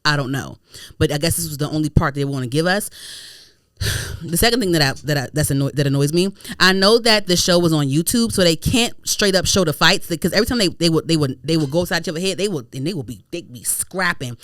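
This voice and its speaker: A young woman from Maryland co-hosting a podcast, rambling through animated casual chat with lots of fillers. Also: low-pitched, fast, dry recording, clean studio sound. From United States, Prince George's County, Maryland. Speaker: podcast co-host.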